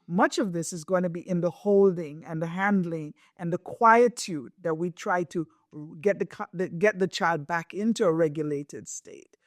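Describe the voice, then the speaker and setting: A woman's voice: on the low side, normal speed, few pauses, no room sound, clean studio sound. A middle-aged woman hosting a podcast, explaining in a reflective, conversational way and often checking in with "right?". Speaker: podcast host.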